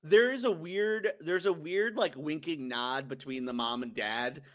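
A man's voice: a little high, measured pace. A man hosting a podcast, chatting casually and animatedly, laughing often and quoting movie lines in put-on voices. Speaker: podcast host. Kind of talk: casual chat.

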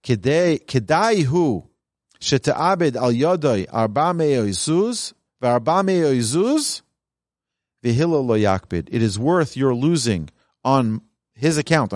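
A man's voice: a little high, a little mellow, no room sound, studio quality. A man, a rabbi, teaching a Talmud class in an earnest, emphatic way. He reads lines from the source text and then explains them in plain speech.

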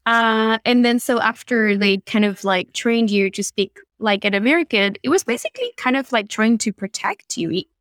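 A young adult woman from Argentina with an Argentine Spanish accent, a guest telling animated stories in an interview. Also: on the high side, moderate pace, hardly any pauses, no echo, clean studio sound. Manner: animated storyteller, laughs often. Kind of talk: conversational interview.

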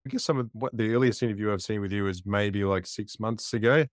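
A man hosting an interview, relaxed and appreciative, phrasing questions tentatively. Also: on the low side, quick pace, no room sound, studio quality. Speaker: interview host. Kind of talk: casual interview chat.

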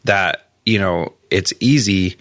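A man's voice: low voice, takes it slowly, a bit bright, no room sound, clean studio sound. A man hosting a podcast, speaking in an earnest, encouraging and reflective way. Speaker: podcast host. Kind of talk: casual interview chat.

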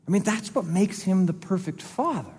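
High-voiced pastor preaching in a reverberant hall. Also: male voice, expressive, moderate pace, a little mellow, breathy edge. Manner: earnest and conversational, repeating phrases for emphasis. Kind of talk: sermon. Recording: long reverb of a large hall.

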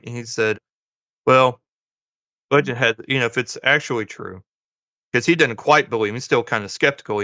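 A man's voice: medium pitch, bright, forceful tone, dry recording. A man co-hosting a podcast, casually retelling a movie plot and acting out the characters' lines in passing. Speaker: podcast co-host. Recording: dull lo-fi dry sound.

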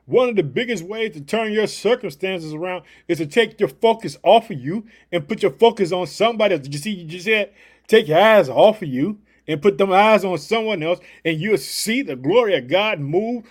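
High voiced guy preaching on his podcast, super pumped, keeps hitting the same catchphrases. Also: lively intonation, moderate pace. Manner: fired-up and emphatic, repeating catchphrases. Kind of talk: upbeat devotional podcast sermon.

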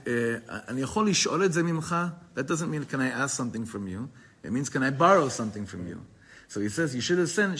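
A man gives a Torah class in a slightly husky voice, mid-range in pitch. He reads passages aloud, then breaks into chatty, roundabout explanation that often restarts itself. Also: pushed and bright. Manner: switches between reading Hebrew text aloud and casual English explanation; digressive, talkative, with frequent restarts. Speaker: Torah teacher.

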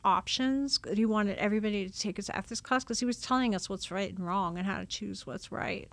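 A religious sister telling her vocation story in a casual, animated way, acting out old conversations. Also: mid-range voice, a little fast. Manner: animated, acts out her own past dialogue with laughs.

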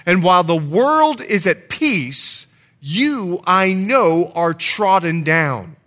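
A man's voice: high voice, animated, slow, pushed and bright, exaggerated voice. A male preacher voicing God as an encouraging man urging his people to get back to work, earnest and insistent.

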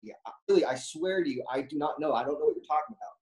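Guy telling a long story in an interview, kinda mellow voice, lots of um and like. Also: fairly high pitch, rapid-fire, low-quality recording. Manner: rambling, many fillers, acts out quoted dialogue. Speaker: guest telling a racing story. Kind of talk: casual storytelling.

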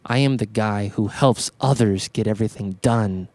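Animated man telling stories on a podcast, dry sound. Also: lowish voice, normal speed, no echo. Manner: animated storyteller who swears and stammers on repeated words. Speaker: podcast host. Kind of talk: casual podcast conversation.

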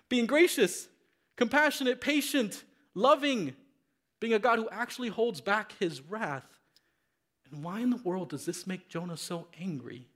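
A man preaching a sermon, reading scripture with dramatic, animated intensity. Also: fairly high pitch.

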